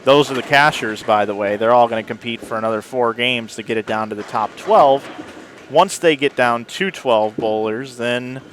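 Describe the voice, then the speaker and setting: A man's voice: mid-range voice, normal speed, a bit bright, a little hiss or hum. A man giving live play-by-play bowling commentary, chatty, correcting himself and making friendly asides to viewers. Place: bowling center.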